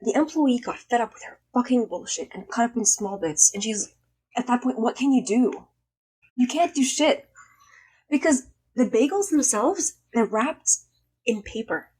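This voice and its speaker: Emphatic, hoarse young woman vlogger. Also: a little high, normal speed. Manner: emphatic, swearing, animated storytelling. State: slightly hoarse after illness. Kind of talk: casual storytelling vlog.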